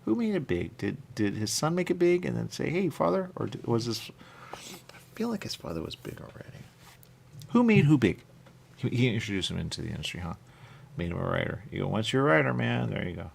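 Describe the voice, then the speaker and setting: A man's voice: medium pitch, sing-song, brisk, gravelly, husky. A man hosting a radio talk show, rambling casually and thinking aloud with lots of questions.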